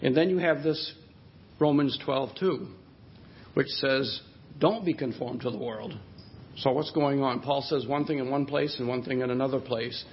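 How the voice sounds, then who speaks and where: A pastor preaching a sermon in a conversational way, thinking aloud and restarting sentences. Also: male voice, medium pitch, steady tone, normal speed, dull audio, slight background noise. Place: church sanctuary.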